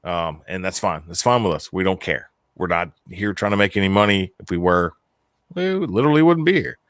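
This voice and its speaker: A man's voice: deep voice, expressive, fairly quick, a bit bright, no echo, clean studio sound. A man co-hosting a casual live-stream chat, joking and cursing as he reads out viewer comments. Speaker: podcast co-host.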